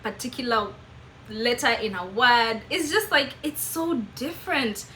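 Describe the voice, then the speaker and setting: A woman's voice: on the high side, unhurried, slight background noise, rough recording. Chatty Kenyan woman vlogging to camera. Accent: Kenyan (Meru). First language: Kimeru. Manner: chatty, animated, laughs often. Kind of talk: casual chat to camera.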